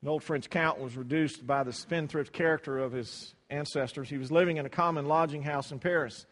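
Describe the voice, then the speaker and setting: A man preaching to his congregation with a fairly high voice. He talks loosely and conversationally, repeats words and acts out dialogue. The long reverb of a church hall hangs behind him. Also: fairly even intonation, a little fast, a bit bright. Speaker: pastor. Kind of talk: sermon.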